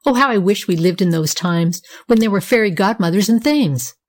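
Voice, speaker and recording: A woman's voice: expressive, normal speed, close to an everyday voice. A woman reading an audiobook voices Nora, a dreamy, touchy girl under nine, with an eager, wistful manner. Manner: eager, wistful, raised girlish pitch.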